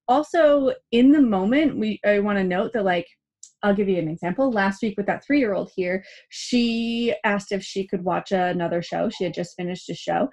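A woman's voice: mid-range voice, normal speed, darkish tone. Chatty woman giving parenting advice. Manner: chatty, acts out quoted dialogue, many "like" fillers. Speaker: parenting podcast host. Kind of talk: casual advice chat.

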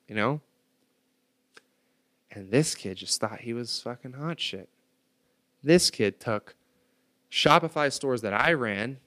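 A man's voice: medium pitch, a bit bright. A man telling a story in casual chat, emphatic and streetwise, with plenty of slang and swearing.

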